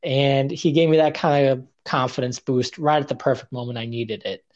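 A man's voice: medium pitch, steady tone, normal speed, darkish tone, lo-fi sound. Rambling young man telling stories. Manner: rambling, self-deprecating, with many fillers and restarts. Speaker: guest, indie wrestler. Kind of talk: casual storytelling interview.

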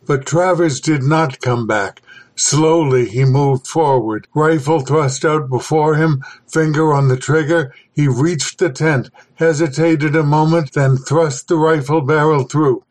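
A man's voice: a little high, steady tone, a little mellow. Man narrating a horror story. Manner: measured, dramatic reading. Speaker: podcast host and reader.

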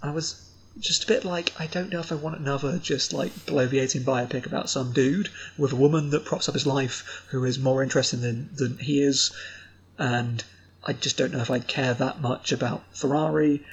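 A man co-hosting a film podcast, opinionated and animated, his voice jumping up in pitch when he rants. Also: moderate pace, breathy edge, low-quality recording. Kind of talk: casual film review chat.

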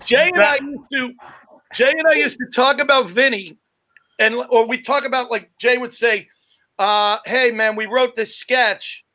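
A man's voice: extremely high pitch, fairly even intonation, measured pace, bright, forceful tone. A man hosting a casual chat, teasing and joking with his guest. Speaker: podcast host.

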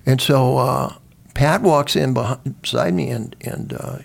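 An older man with a deeply gravelly, husky voice tells stories in a loose, rambling way. He restarts his sentences often and drops the odd swear word while he talks. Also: unhurried. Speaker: veteran guest. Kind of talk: conversational storytelling.

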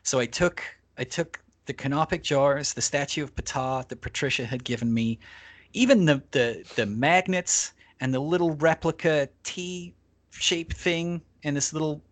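A man telling a long travel story as a podcast guest, casual and animated, swearing freely and acting out the people he quotes. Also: a little high, a little slow.

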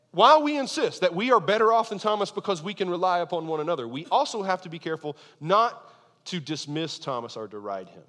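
A man preaching a sermon as pastor, earnest, leaning into key phrases and slowing down for emphasis. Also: fairly high pitch, bright, forceful tone. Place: church sanctuary. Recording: long reverb of a large hall.

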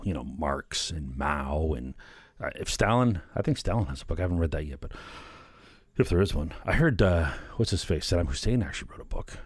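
Middle-aged man, deep voice, dry close sound, loose wry chat about a book, keeps checking "right?". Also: darkish tone, no room sound. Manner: rambling, fillers, keeps asking "right?"; chuckles often, wry. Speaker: solo commentator. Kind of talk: casual rambling book commentary.

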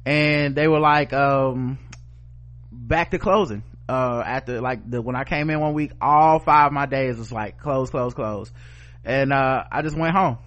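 A man's voice: mid-range voice, a little slow, a bit bright, muffled recording. A middle-aged man co-hosting a podcast, telling a story in casual chat with blunt, profane language and acted-out quotes. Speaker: podcast co-host.

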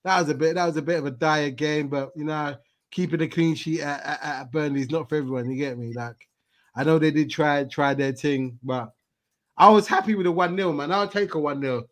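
Animated bloke talking football. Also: male voice, a little high, fairly quick. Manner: animated, exclamatory, slangy. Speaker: podcast host reading viewer comments. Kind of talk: casual football chat.

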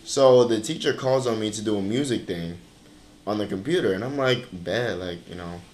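A young man co-hosting a podcast, telling stories in a casual, animated way. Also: on the low side, brisk. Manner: animated storytelling, bursts into laughter. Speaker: podcast co-host. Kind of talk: casual chat. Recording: echoey room with faint noise.

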